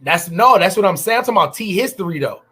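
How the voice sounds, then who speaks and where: A man from New York co-hosting a podcast, talking in a blunt, profane, animated casual way. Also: sits high, fast talker, husky. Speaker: podcast co-host. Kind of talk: casual chat.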